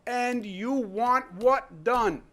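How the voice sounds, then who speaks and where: A man speaks at a press conference in a fairly high voice. He argues emphatically and keeps asking rhetorical questions, like a governor addressing the public. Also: very slow, fairly bright tone. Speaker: state governor. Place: press room.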